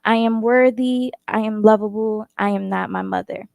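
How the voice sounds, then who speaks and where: A young woman reading her own spoken word poem in a measured recited cadence. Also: fairly high pitch, steady tone, gravelly, a little mellow, no room sound, clean studio sound. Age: young adult.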